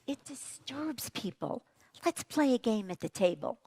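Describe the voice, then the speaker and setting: A gentle, patient mother soothes her child in a soft, tender voice, a little higher than usual, as a speaker on stage puts her on. Her voice has a slight gravelly edge, and the sound is dry. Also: very animated, a little slow, dry recording, heavily acted.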